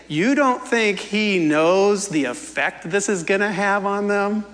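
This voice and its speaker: A man preaching a sermon in a playful, animated way, acting out the quoted lines as he goes. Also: high voice, unhurried, long reverb tail. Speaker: pastor.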